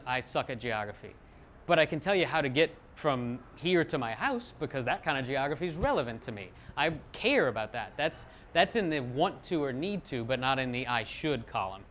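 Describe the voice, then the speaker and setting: A middle-aged man giving a live talk as a psychologist, lively and self-deprecating, acting out little quotes. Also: mid-range voice, a little hiss or hum.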